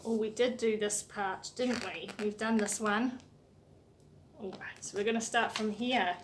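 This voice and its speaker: A woman who leads a children's music session online, reading a picture book aloud in a sing-song, animated way, with gasps and questions for the little ones. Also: mid-range voice, measured pace, long pauses, slight background noise. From New Zealand.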